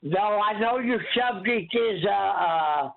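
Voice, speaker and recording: A man's voice: high-pitched, animated, takes it slowly, vocal fry, slight background noise. An older man with an Oklahoma accent, calling in and telling a rambling, folksy story over a tinny phone line. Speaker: caller. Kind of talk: call-in chat.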